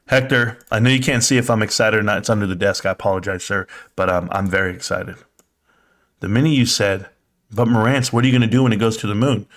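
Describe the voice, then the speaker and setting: A man putting on a mock-seductive voice, playing a teasing male seducer with a breathy murmur. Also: lowish voice, steady tone, quick pace, voice pushed down, natural voice.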